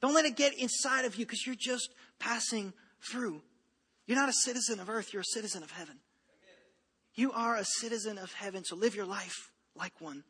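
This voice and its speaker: High, bright-voiced pastor preaching in a hall. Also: male voice, brisk, husky. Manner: conversational preaching with frequent asides and repeated phrases. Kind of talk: sermon. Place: church hall.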